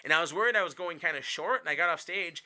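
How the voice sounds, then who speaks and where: Fast-talking bright-voiced comedian man. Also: a little high. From Wisconsin, USA. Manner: rambling, many fillers and restarts, quotes people in voices. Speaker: stand-up comedian guest. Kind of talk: casual storytelling chat.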